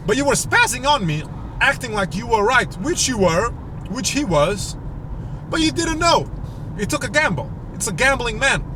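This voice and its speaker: A young Portuguese man, a native Portuguese speaker with a very high-pitched voice, tells a rambling, profane, exasperated story on a comedy podcast. There is background noise in the recording.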